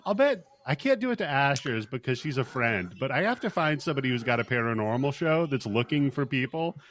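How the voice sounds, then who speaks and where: A male podcast host talks in a relaxed, casual way. He tells deadpan stories and swears freely. His voice sits at a middle pitch. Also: brisk. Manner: profane, deadpan storytelling. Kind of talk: casual chat.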